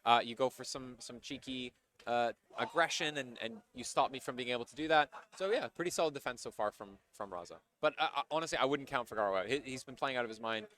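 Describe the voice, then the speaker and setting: A man with a mid-range voice calls a live esports match. His play-by-play is excitable and analytical, breaking down each move as the fight unfolds. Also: mid-range voice, quick pace. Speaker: esports caster. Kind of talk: live game commentary.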